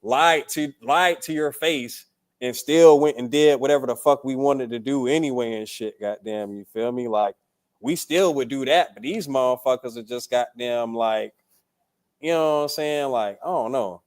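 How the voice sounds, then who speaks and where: A man's voice: mid-range voice, moderate pace. A young man from Durham, talking as a podcast guest in a laid-back, profane way, tagging lines with "you feel me". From Durham, North Carolina. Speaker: poet and musician guest. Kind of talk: casual podcast interview.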